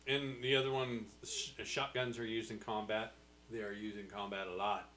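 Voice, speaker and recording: A man with a slightly low voice talks in a blunt, dismissive way, swearing freely as he hosts a relaxed podcast chat. He leans on profanity to make his points. A faint hum sits under his voice. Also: moderate pace. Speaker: podcast host. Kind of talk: casual chat.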